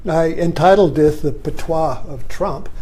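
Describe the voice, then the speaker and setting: High, mellow-voiced older man musing. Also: unhurried. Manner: rambling, reflective, often adds "you see". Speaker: vlogger. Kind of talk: musing monologue.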